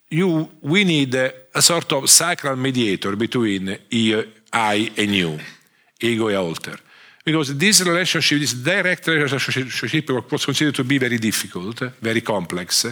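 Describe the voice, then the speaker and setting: A man with an Italian accent giving a conference lecture, speaking haltingly with frequent restarts and fillers. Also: lowish voice, sharp tone. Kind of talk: conference talk.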